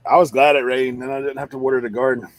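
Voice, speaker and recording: A man's voice: mid-range voice, fast, no room sound, rough recording. A man chatting casually about reselling, telling stories and laughing often. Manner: laughs often, animated storytelling.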